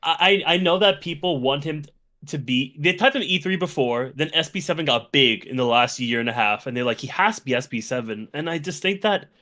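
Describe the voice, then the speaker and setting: A man's voice: a little high, animated, a little fast, pushed and bright. A man co-hosting a podcast, talking through his analysis in an easy, agreeable way. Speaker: podcast co-host. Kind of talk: casual discussion.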